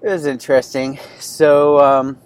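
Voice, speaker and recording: A man's voice: medium pitch, little pitch movement, unhurried, clear, resonant tone. Rambling man in his thirties hosting. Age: 30s. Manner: rambling, many fillers and restarts. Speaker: podcast host. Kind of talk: casual personal storytelling.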